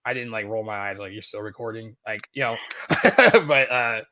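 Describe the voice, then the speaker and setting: A very animated man co-hosts a podcast, chatting casually about a film at a moderate pace in a medium-pitched, pushed, bright voice. He rambles, with lots of fillers and restarts, and there's a little hiss or hum in the recording.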